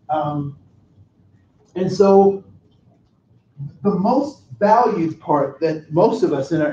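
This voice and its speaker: A man runs a training workshop in a loose, chatty way, with jokes and questions for the audience. His voice sits a bit high. The recording is roomy and dull, with faint noise underneath. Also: warm tone. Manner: conversational, joking, asks the audience questions. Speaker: cultural competence trainer. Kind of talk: interactive workshop talk.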